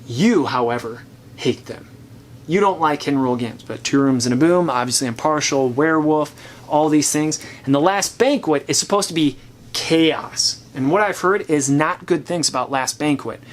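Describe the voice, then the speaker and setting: A man's voice: a little high, normal speed, a little hiss or hum. A man hosting a casual chat, giving opinionated, chatty takes while thinking aloud. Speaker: host. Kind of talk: casual chat reviewing board games.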